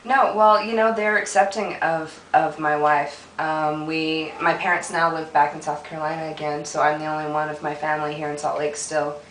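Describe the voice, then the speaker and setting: A young woman answering interview questions in a soft, halting way, tearful and often laughing. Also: deep voice, little pitch movement. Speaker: interview guest, dancer. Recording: echoey room, distant mic, faint noise.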